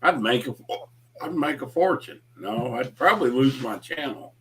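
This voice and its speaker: A man's voice: medium pitch, expressive, moderate pace, a bit bright, slight background noise. A man chatting as a guest on a late-night livestream, joking and ribbing the host. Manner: joking, teasing, playful. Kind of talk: casual late-night chat.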